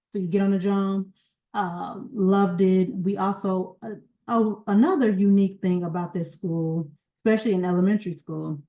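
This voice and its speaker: Woman, mellow warm tone, casual vlog host, rambling and chatty, a little sleepy. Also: on the low side, low-quality recording. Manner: rambling, searching for words, chatty with laughs. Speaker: genealogy channel founder and host.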